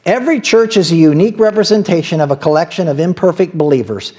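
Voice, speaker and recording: A man's voice: high-pitched, expressive, quick pace, a little mellow. A man with an Ohio accent preaching a sermon as pastor, talking in a conversational way with asides and laughs.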